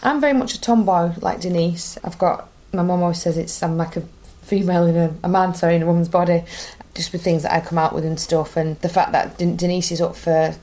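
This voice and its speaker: A young woman from northern England with a Bury accent, chatting as an interview guest, animated, with quick restarts. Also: fairly low pitch. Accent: northern English, Bury. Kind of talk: casual interview chat.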